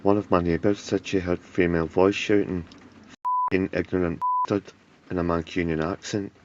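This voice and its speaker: A man playing an awkward, put-upon male politician hosting a talk show, in a dry, deadpan comedy sketch. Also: sits low, normal speed, dull audio, background noise, natural voice.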